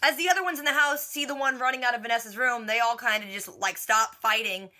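A young woman speaks quickly in a fairly high, sharp-toned voice while casually recapping a TV episode. As a reaction vlogger she's chatty and slangy, with "like" turning up throughout.

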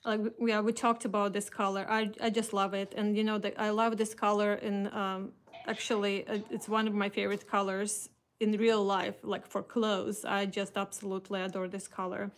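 A woman's voice: medium pitch, flat delivery, moderate pace. Chatty woman with a Russian accent. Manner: chatty, many fillers and restarts. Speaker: craft company host. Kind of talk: casual product showcase.

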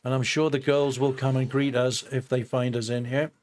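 A man's voice: mid-range voice, little pitch movement, moderate pace, a little mellow, slight background noise. Older man narrating his gameplay. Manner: chatty, thinks aloud with fillers and asides to viewers. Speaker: gameplay host. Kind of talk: casual let's-play commentary.

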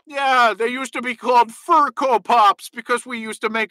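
A man's voice: very high-pitched, a little slow, pushed and bright, no room sound. A man hosting and answering comments in a rambling, jokey casual chat. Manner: rambling, jokey, goes off on tangents.

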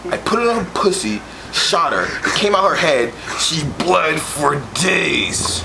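A man tells crude comic stories in a boastful, swaggering street voice. His voice sits a little high for a man. Steady background noise runs through the noisy amateur recording. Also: unhurried, creaky. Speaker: comedic storyteller. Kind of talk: crude comedic monologue.

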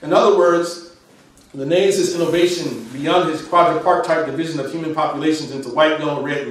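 A man reading aloud from his own book, measured, pausing to restart phrases and add asides. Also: fairly high pitch, roomy sound, far from the mic, rough recording.

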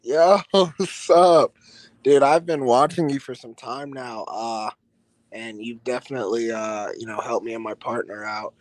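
A male caller asks his question hesitantly and softly, pausing often as he goes. His voice is mid-pitched, and the recording is dry with no room echo. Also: steady tone. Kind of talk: call-in question.

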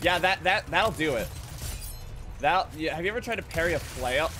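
Animated joking male game streamer. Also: normal speed, slight background noise. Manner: joking and swearing, with sudden high-pitched outbursts. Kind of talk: casual gameplay commentary.

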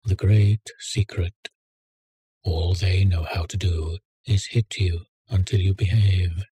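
Brief: husky low-voiced male narrator, slow and deliberate, dry close sound. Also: steady tone, dark tone, no echo. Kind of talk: scripted story narration.

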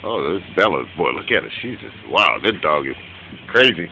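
A man filming his dogs at home on a handheld camera, giving an excited, laughing, profane running commentary that turns quieter near the end. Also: brisk, gravelly, a little hiss or hum, poor audio. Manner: quieter and lower toward the end. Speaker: dog owner filming his pets. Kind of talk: casual home video commentary. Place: room in a home with a bed.

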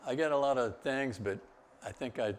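A man's voice: medium pitch, normal speed, slight background noise. Older man telling rambling stories. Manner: rambling, with laughs and many restarts. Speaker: guest speaker. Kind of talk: storytelling talk.

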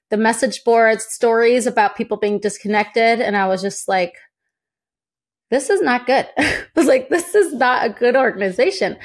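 A young woman from the United States, a guest telling her own story in a chatty, lively way and acting out quoted voices. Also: mid-range voice. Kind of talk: casual interview storytelling.

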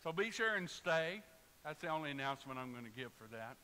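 Bright-voiced preacher in a reverberant church. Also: male voice, a little high, expressive, fast. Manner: storytelling with jokes and asides to the congregation. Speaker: pastor. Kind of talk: sermon. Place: church sanctuary. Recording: reverberant church hall with faint hiss.

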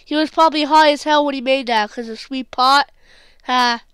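High, bright-voiced woman gaming. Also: moderate pace, no echo. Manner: jokey, bursts into screams and exclamations. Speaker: gaming channel host. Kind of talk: gameplay commentary.

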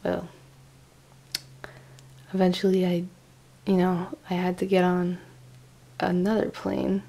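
Young woman vlogger, low mellow voice with vocal fry, chatty and rambling, laughs through her travel stories. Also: monotone, slow pace. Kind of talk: casual travel storytelling. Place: indoors in Austria.

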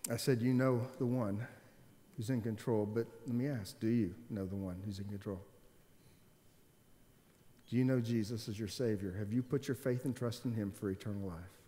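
A man's voice: lowish voice, fairly even intonation, normal speed, mellow. Man preaching a sermon in a reverberant hall. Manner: storytelling preacher, earnest and emphatic. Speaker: pastor.

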